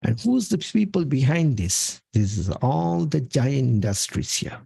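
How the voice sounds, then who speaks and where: A man explains slides in an emphatic, lively voice that jumps up and down in pitch. His tone is dark and gravelly and he speaks slowly. The sound is close and dry. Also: no room sound. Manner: emphatic, repeats "okay" often. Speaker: health presenter. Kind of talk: talking through slides.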